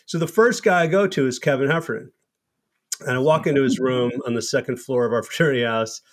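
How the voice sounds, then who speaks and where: A man in his fifties, a podcast host telling a long, animated anecdote in casual chat with plenty of restarts. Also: medium pitch, fast talker. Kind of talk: casual storytelling.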